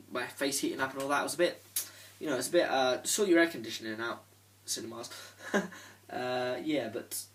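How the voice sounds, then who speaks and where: Brief: young guy, casual rambling vlog chat, sweary, mid pitch, set back from the mic. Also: a bit bright. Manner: rambling, swears often, lots of fillers. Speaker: disc collection vlogger. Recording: voice from a distance off the mic.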